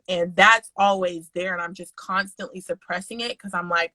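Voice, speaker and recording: A young adult woman co-hosting a parenting podcast, telling a candid story in frank, profane, animated casual chat. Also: on the low side, normal speed, hardly any pauses, no echo, poor audio. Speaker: podcast co-host.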